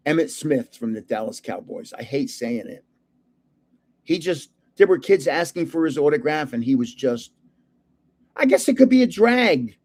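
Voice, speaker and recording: An older man chats about his past in a loose, rambling way, chuckling between stories. His voice sits a little high for a man. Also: darkish tone. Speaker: card channel host. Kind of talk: casual storytelling chat.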